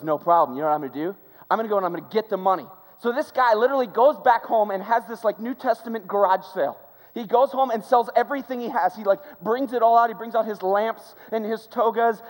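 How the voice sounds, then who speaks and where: A young man tells a sermon story in a lively, chatty way, slipping into the voices of his characters. His voice sits high for a man. A long echo trails behind him in the hall. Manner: animated, conversational, many "like" fillers, acts out characters. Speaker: school chapel speaker.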